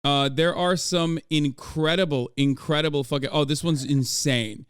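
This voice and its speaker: A man reacting to podcast clips on a livestream, rambling excitedly and swearing freely. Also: fairly high pitch, normal speed, clean tone, dry recording, clean studio sound.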